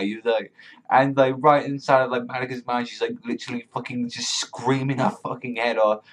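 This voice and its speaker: A man's voice: mid-range voice, steady tone, a little fast. A man giving a casual, profane review, rambling with lots of fillers and swearing. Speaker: manga reviewer.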